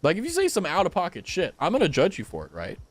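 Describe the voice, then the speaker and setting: A young man streaming a game, chatting casually with his viewers, animated and blunt, swearing freely. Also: sits high, fast talker. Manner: animated, swearing, talks to chat. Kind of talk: casual live-stream chat.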